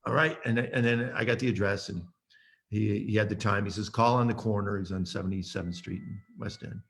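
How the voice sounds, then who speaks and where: A man's voice: fairly low pitch, fairly even intonation, brisk, a bit bright. A man in his sixties, a guest saxophonist, telling stories in an interview and acting out the voices in them. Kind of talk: storytelling in an interview.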